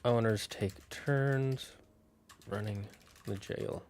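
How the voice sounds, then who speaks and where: A man thinking aloud on a casual solo stream, building out a fantasy town with halting, restarting speech. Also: on the low side, a little mellow, slight background noise.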